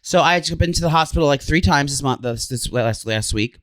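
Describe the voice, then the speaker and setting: A young man co-hosting a podcast, chatting casually and swearing freely in quick rambling bursts. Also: fairly high pitch, a bit bright, no room sound. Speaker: podcast co-host. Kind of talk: casual chat.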